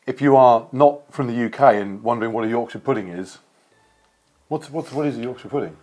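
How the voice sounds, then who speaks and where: Man, vlog host, playful and chatty, medium pitch, food tasting. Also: fairly quick, a little mellow. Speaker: vlogger host. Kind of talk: casual food taste-test chat.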